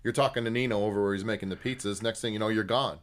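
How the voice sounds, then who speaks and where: Quick-talking man, casual podcast host. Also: fairly low pitch, fairly even intonation. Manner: brief agreeing interjections, quick recollection. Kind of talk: casual chat.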